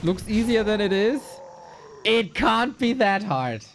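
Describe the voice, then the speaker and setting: An esports caster giving live commentary on a strategy game match, excitable and joking, thinking out loud between plays. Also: medium pitch, slow pace, slight background noise.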